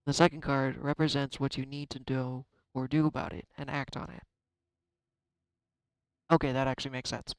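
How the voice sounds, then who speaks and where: Man, casual tarot reader, chatty, self-deprecating, flat delivery, clear voice. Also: medium pitch, normal speed, pauses often, no room sound, low-quality recording. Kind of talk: casual spiritual card reading.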